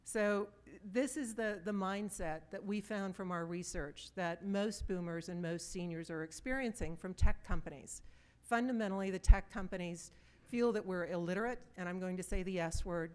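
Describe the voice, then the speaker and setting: Clear-voiced woman giving a conference talk. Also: fairly low pitch, moderate pace. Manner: conversational storytelling, direct questions to the audience. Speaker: conference speaker. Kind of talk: presentation to a live audience.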